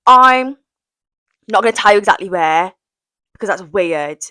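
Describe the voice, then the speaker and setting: A young woman talks casually to her vlog audience. Her pitch swoops up and down a lot, and she is self-deprecating and giggly. The sound is dry and close, with no room echo. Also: animated, moderate pace, bright, forceful tone. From England, West Midlands. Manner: chatty and self-deprecating, with giggles and dips into whispers. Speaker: vlogger. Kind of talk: casual get-to-know-me vlog.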